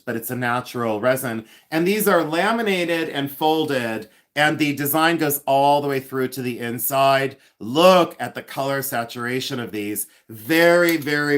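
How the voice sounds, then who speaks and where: A man from Ohio hosts a live stream as a reseller, chatting loosely and rambling from one thing to the next. He leans on lots of fillers and slows down to spell words out letter by letter. His voice sits at an ordinary middle pitch for a man. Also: a bit bright. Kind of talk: casual live-stream chat.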